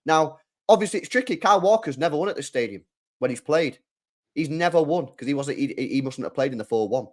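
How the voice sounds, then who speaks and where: A man's voice: fairly high pitch, lively intonation, fast talker. A young man hosting a live football watchalong, making his points emphatically and repeating them. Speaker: host.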